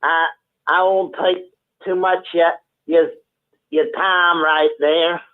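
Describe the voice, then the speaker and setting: A man from Texas, calling in and speaking in a halting, stammering, earnest way. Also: fairly high pitch, little pitch movement. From Texas, USA. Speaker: caller. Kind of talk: phone-in call. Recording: tinny phone line.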